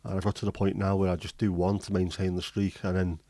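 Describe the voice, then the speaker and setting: Chatty man, low and mellow. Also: flat delivery, fast talker, no room sound. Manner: chatty, joking, swears casually. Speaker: livestream host. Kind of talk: casual chat reading viewer comments.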